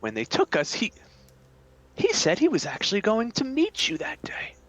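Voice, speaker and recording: A haunted young male wizard, voiced by a man at a gaming table, who stammers and presses urgently. His voice is bright and lively and keeps swinging up in pitch. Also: normal speed, full character voice, poor audio.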